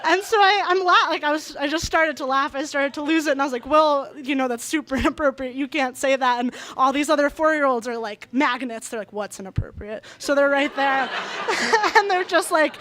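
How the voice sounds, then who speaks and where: A young woman telling a personal story live on stage in a small bar, chatty and animated, often laughing mid-sentence. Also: sits high, moderate pace, a little hiss or hum. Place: small bar venue, indoors.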